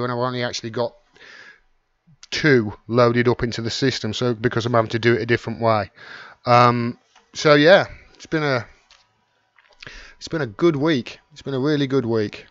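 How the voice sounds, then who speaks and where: A man's voice: mid-range voice, fairly even intonation, moderate pace, a bit bright, no room sound, muffled recording. A middle-aged man with a Wolverhampton accent, hosting a casual live stream and chatting as he thanks viewers by name. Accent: Wolverhampton (Black Country). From West Midlands, England. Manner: rambling, chatty, reads out and thanks commenters by name. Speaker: YouTube live stream host.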